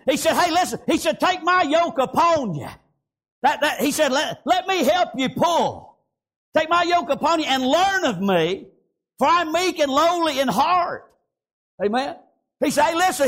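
High-voiced fervent male preacher. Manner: fervent, peppered with "amen" and "praise God", bursts into shouts. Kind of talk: sermon.

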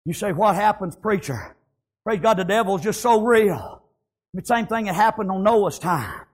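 Male preacher, very high voice, revival sermon, shouting bursts, "praise God" and "amen" everywhere. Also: lively intonation, moderate pace. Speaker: pastor.

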